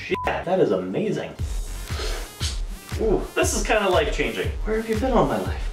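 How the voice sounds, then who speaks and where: Profane, excitable man hosting a DIY show. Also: high-pitched, normal speed. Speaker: host. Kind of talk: casual comedic DIY video. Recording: echoey room with music underneath.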